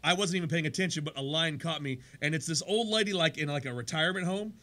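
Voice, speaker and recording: A man hosting a sports radio show in a studio, chatty and energetic, his voice worn from days of talking. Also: on the high side, fast. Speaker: radio show host and pastor. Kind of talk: casual sports radio chat.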